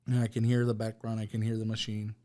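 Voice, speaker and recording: A man telling a personal testimony on a podcast, halting and repeating words as he recounts what happened. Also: lowish voice, monotone, mellow. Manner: halting, repeats words, quotes others in plain voice. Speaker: guest sharing a personal testimony. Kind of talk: emotional personal storytelling. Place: podcast studio.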